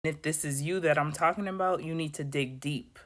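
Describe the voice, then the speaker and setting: A woman's voice: deep voice, brisk. A woman giving a sassy, blunt motivational monologue as a vlogger. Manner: sassy, preachy, slangy.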